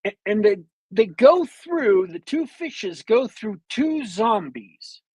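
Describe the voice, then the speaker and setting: A man on a podcast with a bad cold, retelling a movie plot as a meandering, detailed storyteller with long pauses. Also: high voice, very animated, a little mellow, husky, dry recording, low-quality recording. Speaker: podcast co-host.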